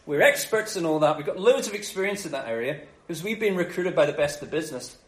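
A man voicing a group of boastful, bumbling male disciples who pitch themselves like salesmen. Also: expressive, fast talker, reverberant, close to an everyday voice. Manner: cocky, chatty salesman patter.

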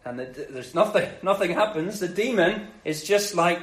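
Jokey preacher man, high voice. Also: normal speed. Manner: lively, jokey retelling. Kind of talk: casual sermon storytelling. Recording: echoey room.

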